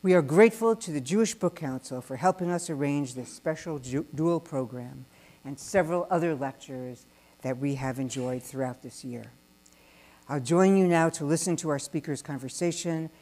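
A woman hosting the event, reading a formal, measured introduction of the speakers in a large synagogue hall. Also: sits low, warm tone.

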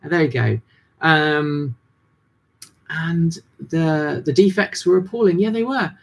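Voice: medium pitch, takes it slowly, vocal fry, slightly rough. A person in their thirties with a British accent that drifts toward American, hosting a casual livestream chat with lots of ums and restarts. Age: 30s. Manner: rambling, many ums and restarts. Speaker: livestream host.

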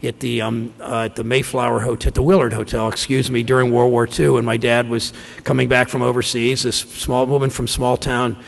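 Gravelly-voiced man giving a speech. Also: medium pitch, level tone. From Ohio. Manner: folksy storytelling, halting restarts. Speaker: senator. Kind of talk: speech to a conference audience. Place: large conference room. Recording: long hall reverb.

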